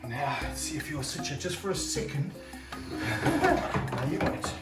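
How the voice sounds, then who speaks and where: An energetic man, handling and filming a snake outdoors for his vlog, exclaiming and coaching a helper. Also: fairly high pitch, a little slow. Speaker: snake handler and wildlife vlogger. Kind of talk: excited hands-on wildlife vlog. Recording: roomy sound, mic held off at a distance, faint music behind.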